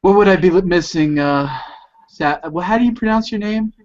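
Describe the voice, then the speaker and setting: A man's voice: high voice, a little fast, darkish tone. A man teasing and joking in a casual group chat over a video call. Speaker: participant in an online chat. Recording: muffled video call audio.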